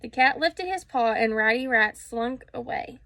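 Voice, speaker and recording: A woman's voice: on the high side, a little slow, no echo. Woman reading a storybook aloud. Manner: expressive storytelling with small slips. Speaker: children's story reader.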